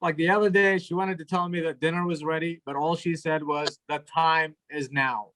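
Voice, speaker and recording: A young man performs stand-up over a video call, his voice sitting a little high for a man. He tells long stories about family in a dry, deadpan way, letting the punchlines land plainly. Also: brisk. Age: young adult. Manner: storytelling, deadpan, trailing into laughter. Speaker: stand-up comedian.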